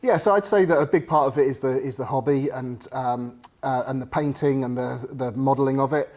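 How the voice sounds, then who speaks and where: A man who tells wargaming history in a casual, halting way, full of restarts and playful asides. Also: mid-range voice, a little mellow. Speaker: wargaming hobbyist explaining history. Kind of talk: casual conversation.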